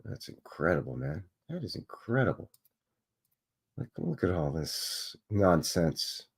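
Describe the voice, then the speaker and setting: A man's voice: low voice, sing-song, unhurried, vocal fry, breathy edge. A man hosting a live stream, musing and chatting as he thinks aloud over old photographs.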